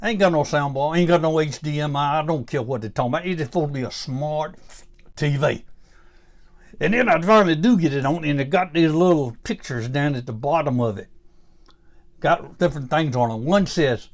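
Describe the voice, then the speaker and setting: In a lightly acted, fairly quick, high-leaning voice, a man plays a cranky old grandpa with a Southern Louisiana accent who's fed up with gadgets. His folksy comic monologue grumbles and sighs in exasperation, then rises into indignant outbursts.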